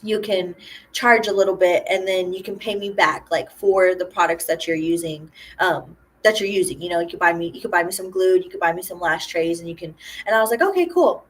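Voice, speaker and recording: A woman's voice: lowish voice, fairly even intonation, brisk. A young woman chatting casually on camera, retelling a personal story with lots of quoted dialogue. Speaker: lash artist vlogger.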